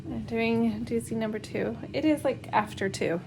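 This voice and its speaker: In a gravelly, darkish voice pitched a little high, a homeschooling mom vlogger in her thirties rambles at a moderate pace in a casual vlog chat. She's doing laundry at home, filling her talk with fillers and nervous laughs. The audio is poor, with a little hiss or hum.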